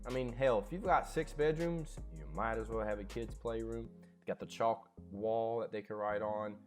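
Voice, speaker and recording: A young man giving a chatty, opinionated walkthrough of a house, filmed on a handheld phone as he moves from room to room. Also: fairly low pitch. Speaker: home tour vlogger. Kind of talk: casual walkthrough commentary. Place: inside a house, moving room to room.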